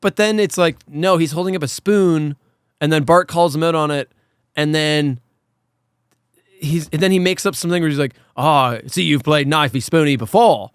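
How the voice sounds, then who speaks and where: A man's voice: fairly high pitch, moderate pace, pauses often, clear, resonant tone, no echo. Ranting man with a dry close sound. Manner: exasperated ranting, swearing, acts out quotes. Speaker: podcast co-host. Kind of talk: casual chat.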